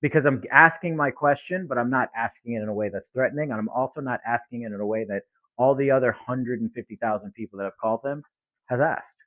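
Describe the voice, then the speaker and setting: A man's voice: medium pitch, fast, no echo, lo-fi sound. A man coaching real estate investors on talking with sellers, in a blunt, direct teaching manner. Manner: blunt, acts out both sides of calls. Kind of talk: teaching monologue with acted phone lines.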